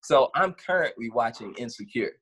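A man's voice: medium pitch, animated, moderate pace, a bit bright, breathy edge. A man from Gary, Indiana, co-hosting a podcast, talking casually in an easygoing, rambling way. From Gary, Indiana, USA. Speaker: podcast co-host. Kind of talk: casual chat.

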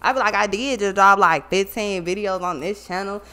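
A woman's voice: mid-range voice, moderate pace, sharp tone, clean tone. A woman giving a casual tarot reading to her viewers, blunt and profane, often laughing and trailing off into asides. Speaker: tarot reader.

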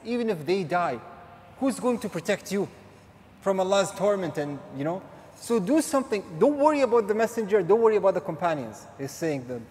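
A male preacher giving a lecture on the Quran in a mosque, animated, mixing Arabic phrases and recitation into his English. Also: sits high. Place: large mosque hall. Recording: long hall reverb.

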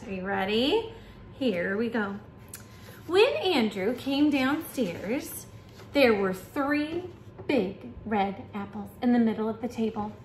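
A woman, a preschool teacher, reading a picture book aloud to children with animated, exaggerated storytelling. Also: a little high. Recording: echoey room with faint hiss.

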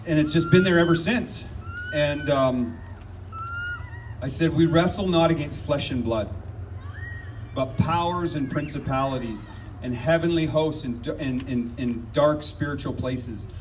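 A man's voice: fairly high pitch, a little slow. A man preaching outdoors in a park, fervent and telling stories, often repeating words as he builds up. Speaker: street preacher. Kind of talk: outdoor sermon with storytelling. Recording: distant mic outdoors, faint noise.

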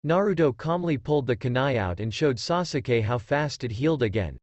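A man reads a fan fiction story aloud in a steady storytelling manner. His pitch moves with lively swings, and the sound is dry and close to the mic. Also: brisk, no echo, dull audio. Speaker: story reader.

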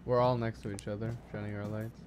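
A man streaming a horror game with friends, excitable and swearing, bursting into laughter. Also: on the low side, fast talker, music in the background. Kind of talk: casual gaming chat with friends.

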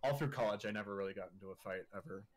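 A man's voice: fairly low pitch, racing. A man in his twenties, a podcast guest telling a story in casual, profane talk full of filler words and laughing through the funny parts.

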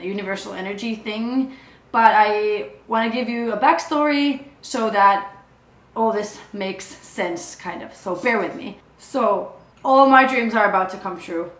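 A young woman vlogging about her travels in a casual, chatty way, peppered with filler words. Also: fairly high pitch. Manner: chatty, many filler "like"s, acts out quoted dialogue. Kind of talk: casual chat. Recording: echoey room.

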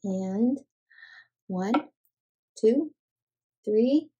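Brief: woman playing toys with toddlers, slow and sing-song, soft breathy tone. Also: on the high side, animated. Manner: gentle, sing-song, encouraging. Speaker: children's toy play host. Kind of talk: playful narration to toddlers.

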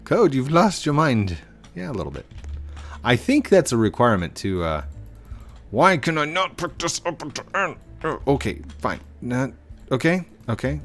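Lively, slow-talking low-voiced man. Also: soft background music. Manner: rambling, playful, talks to himself. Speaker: gaming channel host. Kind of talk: casual gameplay commentary. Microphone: desk microphone.

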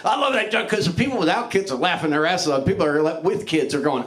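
A middle-aged man works an open mic crowd with crude, rambling, self-mocking stand-up and shouts his punchlines. His voice sits high and sounds bright and forceful through a handheld stage mic in a small club. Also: very animated, fast talker. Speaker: stand-up comedian.

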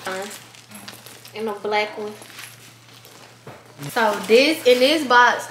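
A twenty-year-old woman vlogging in a chatty, gushing way, often calling her viewers y'all. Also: fairly high pitch. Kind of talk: casual vlog chat. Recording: echoey room with background noise.

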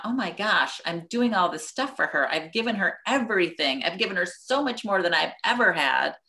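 A woman's voice: fairly low pitch, a bit bright. A middle-aged woman leading a study group over a video call, sharing a personal story in an earnest, reflective way with frequent restarts.

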